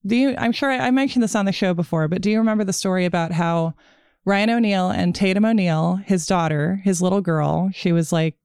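A woman co-hosts a movie podcast in a smooth, clear voice. She talks casually and drifts into long, winding stories. The sound is dry and close. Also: lowish voice, fairly quick, a little mellow, no echo. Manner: chatty, digressive storytelling. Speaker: podcast co-host. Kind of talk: casual chat about movies.

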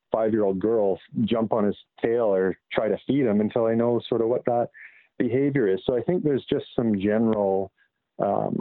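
A man from Canada, a guest wildlife expert in a casual phone interview, speaking in a measured way with many fillers and restarts. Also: medium pitch, no echo. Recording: tinny phone line.

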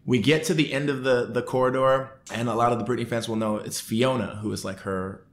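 A man telling a story in a casual interview, acting out what people said in raised, lively voices. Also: mid-range voice, brisk, a little hiss or hum. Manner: animated, acts out quotes in raised voices. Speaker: podcast guest.

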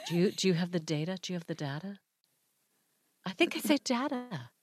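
A young woman from Canada, a comedian guest on a podcast, joking and chatting in an animated, rambling way. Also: lowish voice, brisk, husky, dry recording, clean studio sound. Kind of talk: casual chat.

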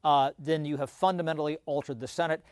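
A man explaining politics as a guest analyst, talking quickly with stammered restarts and many "you know" fillers. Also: a little high, steady tone, dry recording, clean studio sound.

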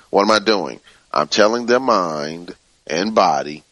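Brief: low-voiced male teacher, calm and unhurried, dry close sound. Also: no echo. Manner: slow, calm, repeats soothing phrases. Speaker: teacher leading a book study. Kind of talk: spiritual teaching, reading from a book.

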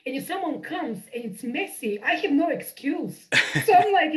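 A woman whose first language is not English, chatting as an improviser guest over a video call, animated and quick to laugh. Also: high-pitched, low-quality recording. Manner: animated, gushing, laughs often. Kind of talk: casual interview chat.

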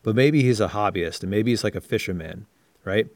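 A man co-hosting a casual sales-training podcast, who explains ideas in steady, reflective points. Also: fairly low pitch, fairly quick, no echo. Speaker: podcast co-host.

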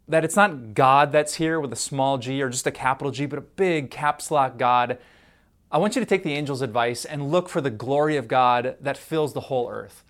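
A man preaching a devotional sermon in a conversational, playful way, stacking emphatic lists and breaking into laughs. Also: medium pitch. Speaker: pastor.

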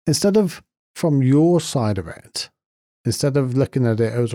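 A man's voice: medium pitch, very animated, unhurried, dark tone, no echo, studio quality. A man giving a reflective spoken talk, telling stories and repeating his points for emphasis.

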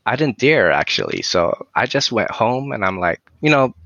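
A man's voice: mid-range voice, very animated, moderate pace, vocal fry, fairly bright tone, no echo, dull audio. A Swedish man speaking English with a Swedish accent, telling a story as a musician guest in a rambling way, full of "you know" and small laughs. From southern Sweden. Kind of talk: casual storytelling.

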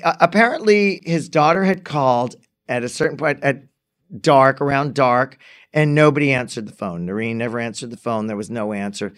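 A man's voice: mid-range voice, fairly bright tone. A man co-hosting a casual true crime chat, telling the story animatedly and acting out the quoted dialogue. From lives in New York. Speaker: podcast co-host.

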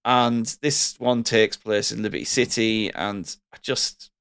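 A man's voice: fairly low pitch, steady tone, measured pace, a bit bright, clear, resonant tone, dry recording, clean studio sound. A man reminiscing in a casual podcast chat, rambling and enthusiastic. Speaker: podcast co-host.

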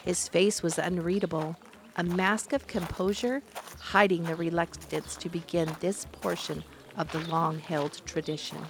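A woman narrating a fantasy storybook in a measured, descriptive manner. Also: fairly low pitch, fairly even intonation, noisy background.

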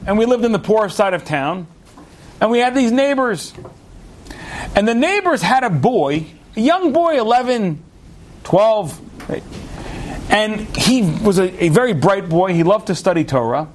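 Rabbi teaching a class, animated storyteller, high voice, faint background hiss. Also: male voice, a little slow, pauses often.

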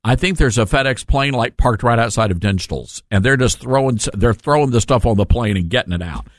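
A man's voice: medium pitch, expressive, dry recording, studio quality. A man with a Southern accent hosting a talk radio show, chatting with callers in a folksy, joking way. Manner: folksy, chatty, quick to laugh. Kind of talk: casual talk radio chat. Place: radio studio. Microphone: studio mic.

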